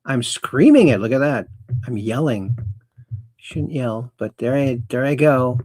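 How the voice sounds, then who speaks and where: A man's voice: mid-range voice, animated, measured pace, darkish tone, dry recording, clean studio sound. A man hosting a casual call-in livestream, chatty and rambling as he reads viewer messages aloud. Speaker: host.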